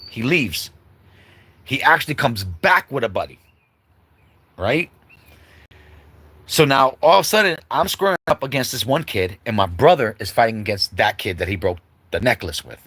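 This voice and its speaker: On a livestream setup, a male host recounts a childhood story in a casual, lively way, acting out the quotes and often turning to listeners with "you know what I'm saying" asides. His mid-range voice is slightly rough, moves at normal speed with long pauses, and has no echo.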